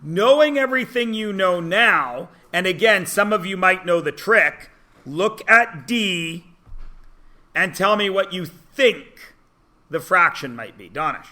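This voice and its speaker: A man teaching a math class in a classroom, chatty and teasing, often checking in with quick questions. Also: sits high, lively intonation, bright, forceful tone. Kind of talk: classroom lesson.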